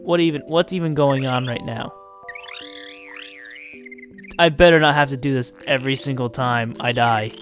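A man giving excitable, exasperated gameplay commentary and laughing often as he plays. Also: mid-range voice, normal speed, long pauses, soft background music. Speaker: let's play host.

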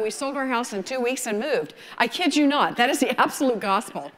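A woman in her sixties with a Southern American accent, telling her story at a photography conference in a folksy, animated way. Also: sits high, fast, few pauses, long reverb tail. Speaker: photography speaker. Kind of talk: conference talk.

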